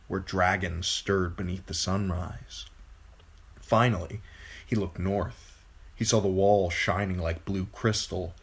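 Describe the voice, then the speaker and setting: Husky, low-voiced male storyteller. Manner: expressive, dramatic storytelling. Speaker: hobby audiobook reader. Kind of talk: amateur fantasy novel reading.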